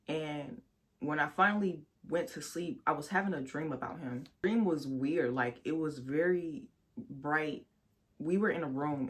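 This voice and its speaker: A young woman telling a personal story on her vlog, talking frankly and with lots of swearing, speaking straight to her viewers and sometimes bursting into loud, high outrage. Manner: candid, profane storytelling that addresses viewers directly. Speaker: vlogger.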